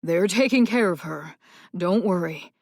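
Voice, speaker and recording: A woman's voice: on the low side, a little slow, dry recording, studio quality. A woman voicing a male paramedic who steadily reassures an injured boy in an audiobook. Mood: reassuring. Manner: firm, reassuring, coaxing.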